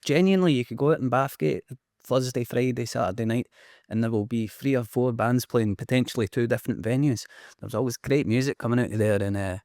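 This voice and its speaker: A man with a Scottish accent, a band member, talking in a relaxed, easygoing way in an interview. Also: medium pitch, quick pace, no echo, studio quality. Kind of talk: casual interview.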